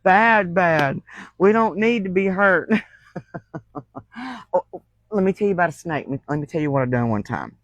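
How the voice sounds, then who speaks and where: A woman's voice: on the low side, expressive, moderate pace, pauses often, no echo, highs cut off. A woman, hosting a crafting livestream and telling folksy stories with frequent laughter. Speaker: crafting channel host. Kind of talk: casual livestream storytelling.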